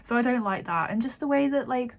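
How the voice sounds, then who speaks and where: A woman's voice: fairly high pitch, animated, a little fast, creaky. A woman from Yorkshire, giving a chatty book-reading update full of "like" and open feeling. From Yorkshire, England. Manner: chatty, heavy use of "like", openly emotional about the book. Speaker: book vlogger and author.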